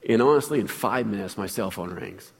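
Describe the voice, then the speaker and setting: A man's voice: fairly low pitch, expressive, a little fast, gravelly, long reverb tail. Chatty storytelling male pastor. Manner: storytelling, chatty, asks the congregation questions. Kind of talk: sermon.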